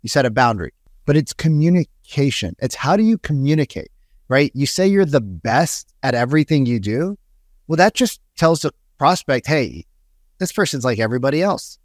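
Man, sales coach, direct and emphatic, slightly high voice, dry close sound. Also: animated, moderate pace, no echo. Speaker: sales trainer. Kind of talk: energetic coaching talk.

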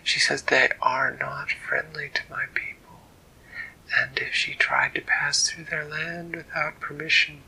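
A man voicing a gentle, sorrowful female mermaid in a soft, formal whisper, as whispered role-play. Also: a little high, fairly even intonation, a little slow, gravelly, voice pushed up, exaggerated voice, low-quality recording.

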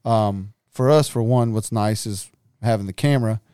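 A man with a drawl talks hunting gear in an easygoing, rambling way. His voice is smooth and clean, recorded close and dry with no room sound. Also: lowish voice, moderate pace, mellow, dry recording. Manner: laid-back, rambling, laughs often. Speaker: podcast co-host. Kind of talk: casual chat.

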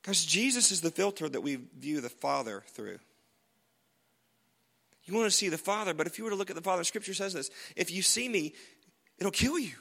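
A man's voice: high-pitched, lively intonation, brisk, gravelly, long pauses, sharp tone. A man preaching a sermon in a casual, conversational way, with jokes and frequent asides to the congregation. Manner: conversational, humorous, frequent tag questions. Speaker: pastor.

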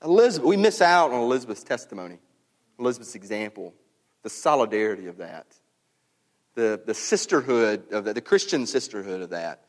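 A man's voice: fairly low pitch, fairly quick. Casual preaching man in a reverberant hall. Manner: conversational, animated preaching with casual slang. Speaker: pastor. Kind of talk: sermon. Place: church sanctuary. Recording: long reverb of a church hall.

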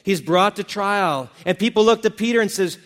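A man's voice: high voice, moderate pace, fairly bright tone, in a large hall. A male pastor preaching a sermon, retelling scripture stories in a casual, folksy way.

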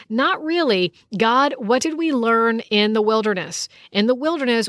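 Lady teaching bible study, lively and emphatic, super dry sound, no room at all. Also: a little high, normal speed, few pauses, no echo. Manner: animated, emphatic, conversational.

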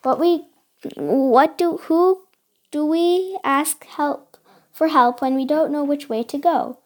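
A woman reading the lines of a cheerful young girl explorer from a storybook, bright and eager. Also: sits high, slow pace. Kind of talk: storybook read-aloud.

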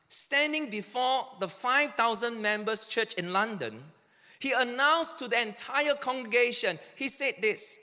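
A man's voice: extremely high pitch, sharp tone. A man preaching a sermon earnestly, with emphatic, dramatic quoted cries. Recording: long reverb of a large hall.

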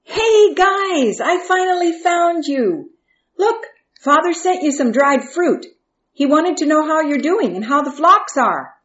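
A woman voicing a frightened, pleading teenage boy who shouts for help in high desperate cries. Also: expressive, takes it slowly, lo-fi sound, exaggerated voice. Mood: eager.

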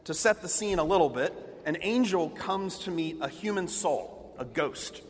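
Animated, high-voiced male preacher. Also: husky, in a large hall. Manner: animated storytelling, expressive. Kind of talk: sermon.

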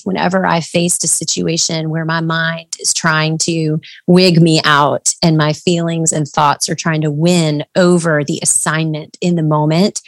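A woman with a lowish voice talks in an earnest, reflective way, pausing on fillers as she chats on a faith podcast. Her voice sits close and dry, with no room around it. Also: no room sound. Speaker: podcast co-host. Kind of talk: casual faith chat.

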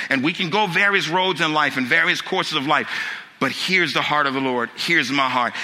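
A man's voice: medium pitch, bright, forceful tone. A man pastor preaching a sermon in a church, impassioned, repeating key phrases and building to urgent questions. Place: church sanctuary. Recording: long hall reverb with music underneath.

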